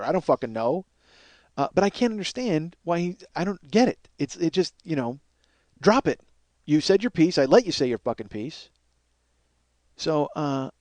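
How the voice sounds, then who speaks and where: A man's voice: medium pitch, dry recording. A middle-aged man hosting a podcast, telling a long story in a loose, profane way and acting out the voices of the people in it. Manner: animated, profane, acts out quotes. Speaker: podcast host. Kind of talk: storytelling monologue.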